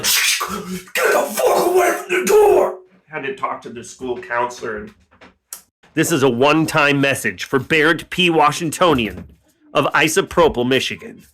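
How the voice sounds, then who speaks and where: A man telling short absurdist comedy bits in a deadpan manner, with sudden outbursts into silly voices. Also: mid-range voice, husky.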